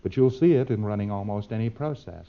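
A man's voice: on the low side, quick pace. Man lecturing on a dull lo-fi recording. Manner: demonstrative, acts out quoted exchanges with playful repetition.

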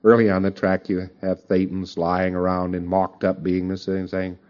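A man giving a conversational recorded lecture, often turning to his listeners with quick asides. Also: low voice, completely flat delivery, a little mellow, lo-fi sound. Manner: conversational, with frequent asides to the audience.

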